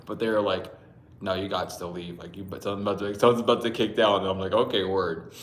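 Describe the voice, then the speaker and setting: Man, lowish voice, rambling dream story, profane, roomy echo, faint hum. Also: fairly even intonation, fast talker. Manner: rambling, profane, laughs often, greets viewers. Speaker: livestream host reading dreams. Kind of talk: casual livestream dream storytelling. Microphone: Bluetooth mic.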